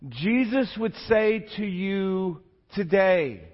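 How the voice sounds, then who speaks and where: A pastor telling a story in his sermon, swinging from hushed near-whispers to excited shouts. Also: on the high side, a little slow. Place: church sanctuary. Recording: reverberant hall, slightly dull sound.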